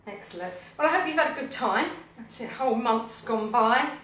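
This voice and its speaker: Chatty lady cooking on a live stream, kinda high voice, sounds a bit far off in an echoey kitchen. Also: lively intonation, normal speed, fairly bright tone. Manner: rambling, cheerful, talks to her pets and viewers. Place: home kitchen, indoors. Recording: echoey kitchen, from a distance, faint hum.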